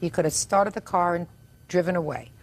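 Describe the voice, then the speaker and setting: An older woman presiding as a judge, cross-examining witnesses in a sharp, brisk courtroom manner. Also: lowish voice. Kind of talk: courtroom questioning.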